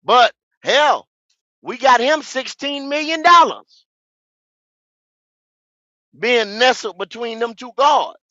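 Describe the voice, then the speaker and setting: A man, hosting a fan podcast, ranting in a profane, repetitive way with sudden shouts. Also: very high-pitched, animated, slow, long pauses, no room sound, muffled recording. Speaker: podcast host. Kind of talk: football fan podcast rant.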